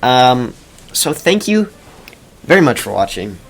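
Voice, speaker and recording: A young man talks casually while he plays a game, drifting between commentary and a story. His pitch sits in an ordinary middle range, and his delivery is loose and wry. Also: very animated, unhurried, soft background music. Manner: rambling and wry, many ums and self-corrections. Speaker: video creator.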